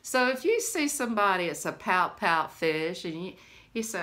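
A woman's voice: medium pitch, lively intonation, normal speed, sharp tone. A woman, chatting to camera in a rambling, friendly way and laughing often. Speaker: vlogger. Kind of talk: casual chat to camera.

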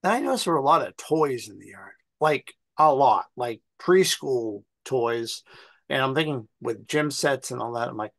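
An American man on a panel, telling family stories in a casual, animated way and acting out the voices of people he quotes. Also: mid-range voice, moderate pace, dry recording. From United States. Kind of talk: casual storytelling.

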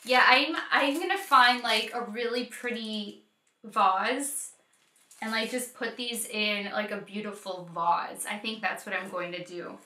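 A woman's voice: mid-range voice, a little slow, sharp tone, echoey room. A woman in her thirties vlogging an unboxing at home, gushing and emotional, often laughing and exclaiming. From United States. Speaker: beauty vlogger. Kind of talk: casual unboxing vlog.

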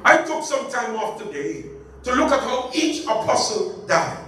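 A pastor leading a Bible study, lively and joking, asking the congregation to finish his phrases. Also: very high voice, a little slow. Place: church. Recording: echoey church room, far from mic, faint hiss.

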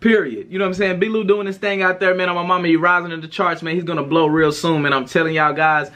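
A man's voice: high voice, steady tone, fast, sharp tone. A young man hosting a casual music video reaction, hyped and slangy, repeating his catchphrases. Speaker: reaction channel host.

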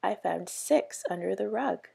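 A woman reading the lines of a teasing, gloomy young boy from a storybook in her own gravelly, husky voice. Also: medium pitch, lively intonation, measured pace, dark tone, heavily acted.

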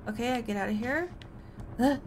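A woman's voice: fairly high pitch, moderate pace, slight background noise. A woman giving casual let's-play commentary, talking to herself and letting out frightened yelps.

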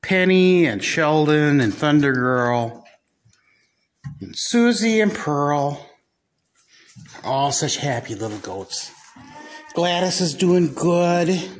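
A man running a goat-farm vlog, talking softly and fondly to his goats in a barn, often dropping to a hush. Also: on the high side, lively intonation, slow, long pauses. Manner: soft, cooing talk to the goats, often hushed. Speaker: goat farmer vlogger. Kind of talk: casual vlog chat. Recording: noisy barn recording.

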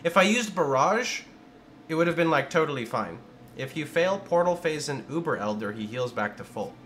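A man streams a game and talks his way through it, yelling out moves and swearing as things happen. His voice sits a little high and sounds bright and forceful. A studio condenser mic keeps it close and clear. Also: expressive, moderate pace, a little hiss or hum. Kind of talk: live gameplay commentary. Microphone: studio condenser microphone.

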